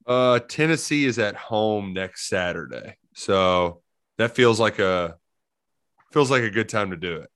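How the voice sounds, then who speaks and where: A man co-hosting a casual sports podcast, telling stories in an animated way and laughing often. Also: fairly low pitch, a little slow. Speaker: podcast co-host.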